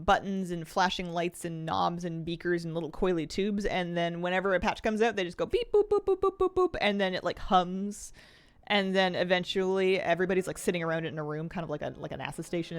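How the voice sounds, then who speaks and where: A woman streamer chatting casually while she plays, rambling and thinking aloud with easy laughs. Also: fairly low pitch. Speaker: game streamer. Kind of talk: casual live-stream chat while gaming.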